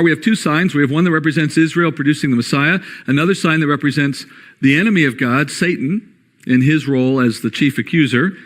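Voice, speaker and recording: A man's voice: on the high side, fairly bright tone. A man giving a lecture-style Bible study, posing rhetorical questions and checking in with listeners. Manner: rhetorical questions, frequent "all right?" checks. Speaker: Bible teacher.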